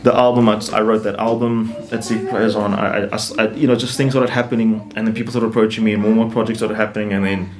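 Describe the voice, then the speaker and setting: A young man, a musician, telling his story casually as an interview guest in a rambling, animated way, often starting over and climbing in pitch for emphasis. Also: fast, hardly any pauses. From South Africa.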